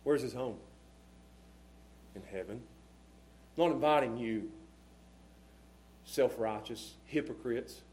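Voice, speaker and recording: A man preaching a sermon to a congregation in church, with a repetitive, emphatic cadence, swinging from hushed low tones to shouted emphasis. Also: slow, pauses often, breathy edge. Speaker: pastor. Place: church service before a congregation.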